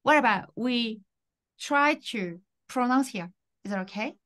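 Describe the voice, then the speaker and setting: A woman whose first language is Japanese, tutoring an adult student in English and patiently modeling phrases slowly. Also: on the high side, expressive, fairly bright tone. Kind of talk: one-on-one English lesson.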